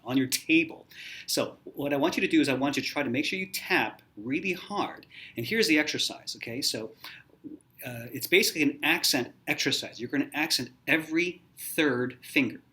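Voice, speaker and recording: A man's voice: medium pitch, a bit bright. A man teaching piano in a casual video lesson, recorded in a hotel room, demonstrating exercises and counting finger numbers aloud.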